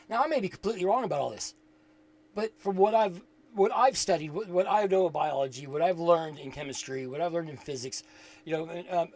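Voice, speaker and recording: A man's voice: on the high side, a little mellow. A man giving a casual spiritual talk, earnest and reflective, who rambles, thinks aloud and repeats words as he goes. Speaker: spiritual teacher.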